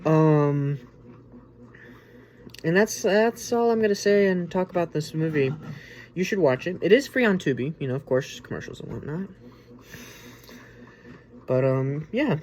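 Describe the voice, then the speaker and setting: A man's voice: on the high side, animated, measured pace, long pauses, a little mellow, slight background noise. Rambling casual male movie reviewer. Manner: rambling and informal, with many restarts, "like" and "you know". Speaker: movie reviewer, host of the show.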